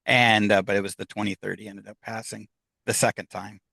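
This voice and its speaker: A man's voice: on the low side, flat delivery, a little fast, creaky, sharp tone, husky, no echo. A middle-aged man telling a personal story as a podcast guest, candid and rambling, with lots of "uh" and "um.". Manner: candid, rambling, full of fillers.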